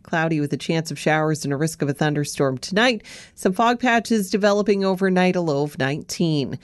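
A woman anchors a scripted radio newscast, moving through the stories and the weather at an even, measured pace. Her voice sits a little low. The sound is dry and close to the mic. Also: no echo. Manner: steady, measured news read.

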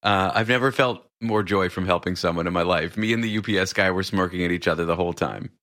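A man's voice: low voice, fast, fairly bright tone. A man hosting a talk show, telling stories in a wry, self-mocking way. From dual citizen. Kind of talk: casual talk show chat.

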